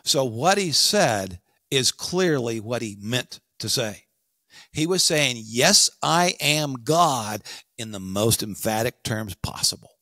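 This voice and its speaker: A man hosting a podcast, delivering a scripted teaching monologue with emphasis and talking straight to his listeners, slowing down on key points. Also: mid-range voice, expressive, bright, forceful tone, no echo, studio quality. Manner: emphatic, addresses listeners directly. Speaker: podcast host.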